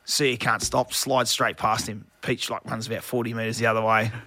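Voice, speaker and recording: Australian man, 40s, former league player, bright forceful voice, dry close sound, animated storyteller. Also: lowish voice, moderate pace, no echo. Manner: animated anecdotes, acts out shouting coaches, laughs often. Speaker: former rugby league player, podcast guest. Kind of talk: casual storytelling chat.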